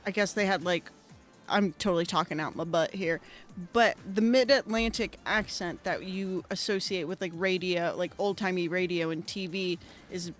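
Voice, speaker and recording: A woman streaming a video game, rambling excitably with lots of fillers into a desk microphone at her computer. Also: medium pitch. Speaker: gaming streamer. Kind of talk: casual let's-play commentary. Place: at home at a computer.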